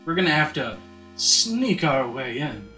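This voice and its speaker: Man, game streamer, bright tone, slightly high voice, chatty, laughs a lot, stumbles over words. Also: very animated, a little slow. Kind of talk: live gameplay commentary. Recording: roomy room with game music behind.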